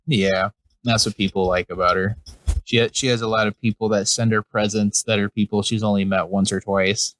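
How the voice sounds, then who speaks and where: A man's voice: on the low side, flat delivery, a little fast, a bit bright, poor audio. A young man co-hosting a comedy podcast, chatting casually, rambling and swearing freely with frequent laughs. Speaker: podcast co-host.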